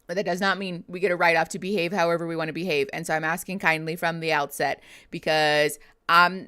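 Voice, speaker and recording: Chatty, laughing woman streamer, a touch low. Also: steady tone, brisk, sharp tone, smooth. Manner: chatty, laughs often, swears casually; reads out and answers viewer chat messages. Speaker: therapist streaming reactions to a reality show. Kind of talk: casual livestream chat.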